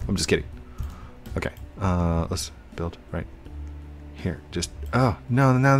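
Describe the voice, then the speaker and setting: Man, deep voice, slow pace, casual gameplay chatter, jokey, faint background music. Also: animated. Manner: chatty, laughs often, goofy pleading bursts. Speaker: gaming YouTuber.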